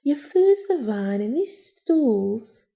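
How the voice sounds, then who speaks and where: A woman's voice: on the high side, big pitch swings, slow pace, vocal fry, dark tone, pitched above the performer's own voice, exaggerated voice. A woman reading aloud a dreamy, lovestruck young woman from a cafe game, airy and evasive.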